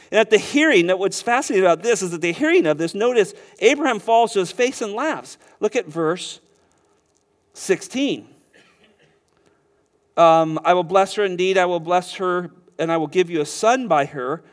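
Guy with a fairly high voice preaching, lively, laughs a bit, repeats himself. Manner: animated, repeats words, chuckles while teaching. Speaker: pastor. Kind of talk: sermon.

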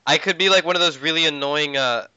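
A man's voice: fairly high pitch, quick pace, background noise. A man co-hosting a podcast, joking and bragging sarcastically with his friends. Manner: boastful, sarcastic banter. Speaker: podcast co-host. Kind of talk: casual joking chat. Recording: dull lo-fi audio.

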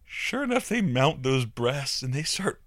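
Give me a young man hosting a podcast, profane and rambling, with an animated pitch and a dry close sound. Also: takes it slowly, no echo. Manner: rambling, profane, laughs often. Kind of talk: crude comedic storytelling.

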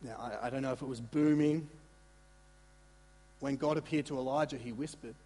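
Husky-voiced man preaching in a hall. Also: mid-range voice, moderate pace. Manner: conversational, animated preaching with asides and repetitions. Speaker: pastor. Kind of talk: sermon.

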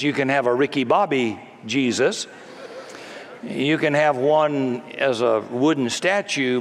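A man preaching a sermon as pastor, dramatic, acting out crowd voices as he goes. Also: on the high side. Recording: long hall reverb.

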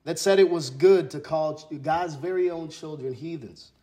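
Man preaching in church, congested from allergies, reflective and questioning, slightly high voice. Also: moderate pace, mellow. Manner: reflective, questioning, frequent restarts. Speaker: pastor. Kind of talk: sermon. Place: church sanctuary.

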